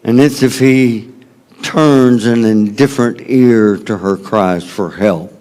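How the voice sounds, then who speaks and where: Southern US male pastor, slow dramatic sermon delivery, emphatic then hushed. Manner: dramatic, swings from loud emphasis to hushed low tones.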